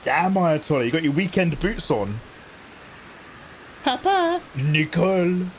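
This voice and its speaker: A man's voice: on the high side, expressive, normal speed, slight background noise, poor audio. A man chatting casually with viewers during a live game stream, playful and joking with a lot of laughter. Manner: playful, jokey, laughing often, hamming up mangled French. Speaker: game livestreamer.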